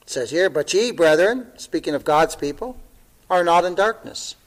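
A man's voice: fairly high pitch, expressive, moderate pace, rough recording. A male pastor preaching a sermon, conversational with tag questions, building to fervent exclamations and chuckling now and then.

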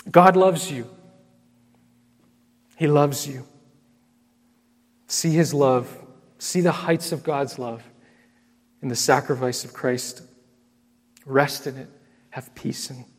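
A man's voice: a little high, takes it slowly, long pauses, long reverb tail. A man preaching a sermon as pastor, earnest and emphatic, repeating key phrases and calling his listeners friends.

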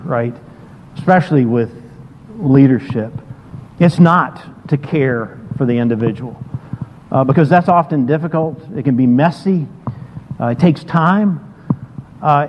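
Earnest pastor preaching in a reverberant hall. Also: male voice, medium pitch, slight background noise. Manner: earnest, repeats words and restarts often. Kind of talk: sermon. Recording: dull sound in a long-reverb hall.

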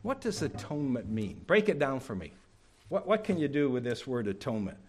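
A man preaching a sermon to a congregation in a church. He asks many rhetorical questions and drops to a hush at times. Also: medium pitch, big pitch swings, fairly quick.

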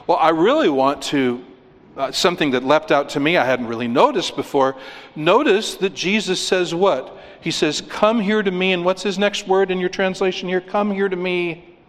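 A pastor preaching a sermon, emphatic, asking rhetorical questions and repeating words for stress. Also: male voice, a little high. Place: church sanctuary. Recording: long reverb of a church hall.

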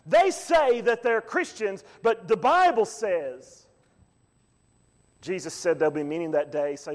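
A man preaching a sermon as pastor, swinging from quiet, low asides to loud, rising calls. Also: very animated, moderate pace, long reverb tail.

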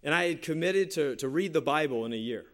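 A man's voice: fairly high pitch, lively intonation, fast, fairly bright tone. A man preaching a sermon, earnest and conversational, often repeating his phrases and telling a personal story. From San Jose Bay Area, California. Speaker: pastor.

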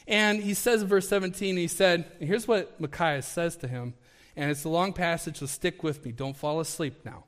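A man preaching a sermon in a conversational, animated way, acting out the scripture as he reads it. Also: high-pitched, normal speed. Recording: long hall reverb.

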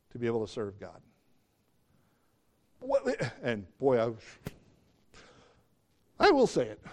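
A man preaching a sermon as pastor, talking conversationally and jumping into excited, high bursts.

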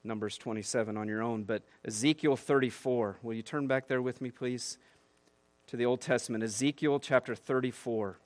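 A man's voice: mid-range voice, steady tone, brisk, no echo. A man preaching a sermon. He reads scripture aloud with rising emphasis and breaks off into conversational asides that end in "right?". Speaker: pastor.

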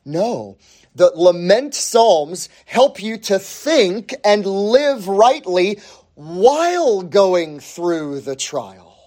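A man's voice: sits high, big pitch swings, very slow, a little mellow. A man preaching a sermon as pastor, emphatic and repeating his key phrases for weight.

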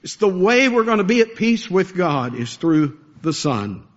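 A man's voice: high-pitched, big pitch swings, unhurried, lo-fi sound. A man preaching a sermon as pastor, earnest and building to impassioned pleas.

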